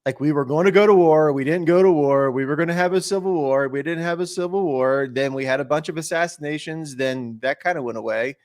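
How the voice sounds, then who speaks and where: A man's voice: a little high, fairly quick, few pauses, a little mellow. A man talking as a guest co-host in a casual chat, rambling and loose.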